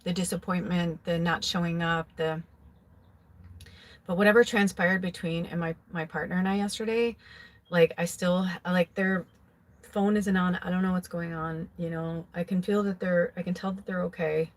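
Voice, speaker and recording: A low-voiced woman, a psychic tarot reader, tells a rambling, emotional, confessional personal story in a casual way. She keeps a steady tone at normal speed, with lots of fillers, especially "like."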